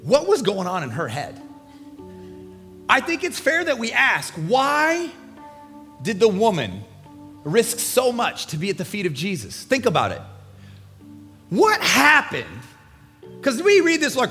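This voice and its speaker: A male pastor preaching a sermon, animated and emphatic, swinging from hushed lines to loud bursts. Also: extremely high pitch, a little slow. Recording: long hall reverb with faint music.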